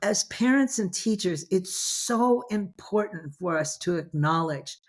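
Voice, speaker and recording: A woman's voice: on the low side, animated, a little slow. An older grandmother, a guest on an interview show, telling stories in a rambling way, full of "you know" and restarts, acting out the voices she quotes. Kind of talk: casual interview storytelling.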